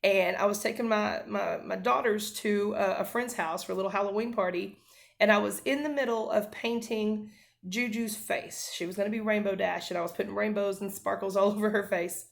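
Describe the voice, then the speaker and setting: Woman, thirties, gravelly voice, earnest rambling family vlog storytelling, lots of ums and restarts. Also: mid-range voice, steady tone, a little fast. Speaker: mother and family vlogger. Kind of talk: casual storytelling to camera.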